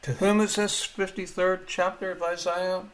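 A man preaching a sermon, swinging between quiet asides and loud exclamations, often chuckling as he speaks. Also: sits high, level tone, moderate pace.

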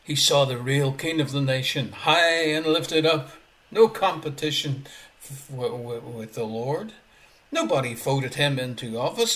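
A man preaching a sermon, swinging between quiet asides and loud exclamations, often chuckling as he speaks. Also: fairly high pitch, expressive, unhurried.

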